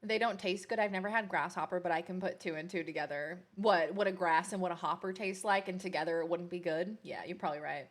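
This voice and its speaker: A woman's voice: lowish voice, steady tone, fast, hardly any pauses. A woman, chatting casually with viewers while streaming a game. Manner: chatty, rambling, playful with pets. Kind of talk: casual live-stream chat.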